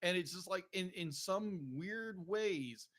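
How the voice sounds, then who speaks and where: Talking casually about films, a podcast host rambles and keeps restarting what he says, leaning on the phrase "be like." His voice is high-pitched and a bit bright, with lively intonation and a slow delivery.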